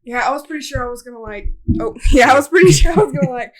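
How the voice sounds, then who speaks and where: High-voiced woman rambling through funny stories. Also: very fast, crowd noise. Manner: rambling storyteller, laughs often through her stories. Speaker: podcast co-host. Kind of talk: casual chat.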